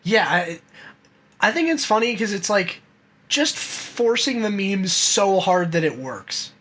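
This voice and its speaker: A young man with a high, sing-song voice that's a bit bright speaks slowly while co-hosting a podcast. He chats casually and rambles, swearing a lot and laughing often.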